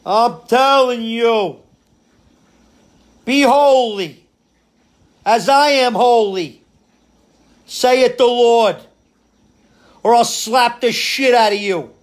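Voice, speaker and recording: A man imitating a fierce ex-mobster pastor who preaches with a yelling, menacing cadence. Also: very high voice, extremely slow, long pauses, voice pushed up, heavily acted.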